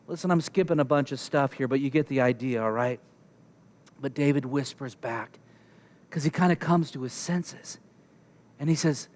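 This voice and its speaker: A young man delivering a sermon in an animated storytelling manner, his voice sitting notably high for a man. He acts out the conversations in his story. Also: normal speed. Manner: animated, acts out characters and dialogue. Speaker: pastor.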